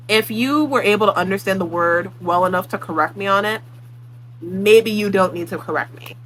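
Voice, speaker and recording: Blunt, exasperated woman with a bright voice. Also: mid-range voice, poor audio. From Puerto Rican. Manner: exasperated, blunt, swears freely. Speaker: book vlogger. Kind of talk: casual opinion rant.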